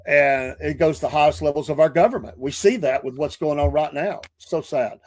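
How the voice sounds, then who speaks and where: A man's voice: fairly high pitch, fairly quick, a little mellow. A man with a mid-range voice hosts an online interview over a video call. He is effusive, piling on affirmations and stumbling as he repeats words. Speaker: show host. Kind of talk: interview hosting.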